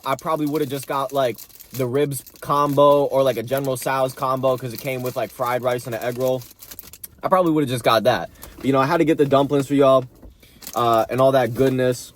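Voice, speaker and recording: A man hosting a casual food vlog, joking and rambling while he eats. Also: mid-range voice. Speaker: mukbang host giving fight picks.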